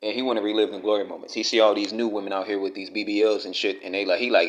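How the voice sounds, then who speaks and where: A man's voice: on the low side, little pitch movement, rapid-fire, few pauses. Blunt, profane man ranting to camera. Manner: blunt, profane, scolding, talks straight at his subject. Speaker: commentary vlogger. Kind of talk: direct-to-camera rant.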